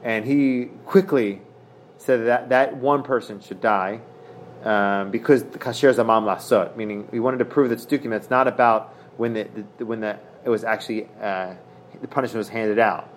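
Man, casual Talmud study, halting delivery, frequent restarts, reads then paraphrases, faint background hiss. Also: fairly low pitch.

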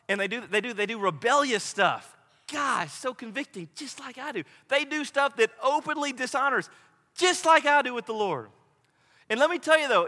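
Man, pastor, sermon, conversational, bright forceful tone, long hall reverb. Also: sits high. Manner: animated, conversational preaching with dramatic quoted voices.

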